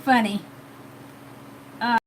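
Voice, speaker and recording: A woman's voice: drawn-out words, a little hiss or hum, poor audio. A woman hosting an art live stream, chatting casually with viewers and reading their comments with frequent giggles. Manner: giggly and playful, laughs often.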